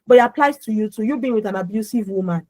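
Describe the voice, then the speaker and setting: A young adult woman with a naturally loud voice, coaching an audience on a video call. She is emphatic, repeats words and keeps asking her listeners questions. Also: mid-range voice, quick pace, no room sound, low-quality recording. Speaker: emotional healing coach. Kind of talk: lively motivational talk on an online call.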